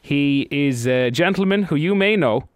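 A man's voice: a little high, lively intonation, measured pace, no room sound. A man hosting a radio show, teasing his co-host with mock-dramatic banter.

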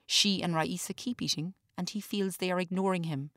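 Low, even woman reading a story. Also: brisk, hardly any pauses, no echo, clean studio sound. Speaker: author reading her story. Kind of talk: scripted storytelling narration.

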